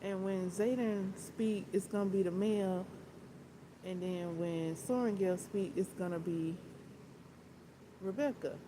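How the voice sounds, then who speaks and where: A woman chatting casually on a book vlog, rambling and circling back to repeat herself. She talks at an unhurried, slow pace and laughs often. A faint hum of room ambience sits behind her voice. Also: medium pitch. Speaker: book vlogger. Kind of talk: casual chat.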